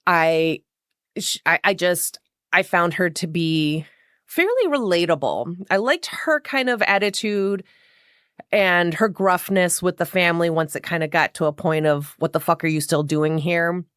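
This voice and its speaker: A woman with a lowish, clear voice recaps a horror novel in a loose, chatty way. She swears freely and drops into quoted lines with wry asides. The sound is dry and close. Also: fairly bright tone, dry recording. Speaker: book vlogger. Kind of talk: casual book recap.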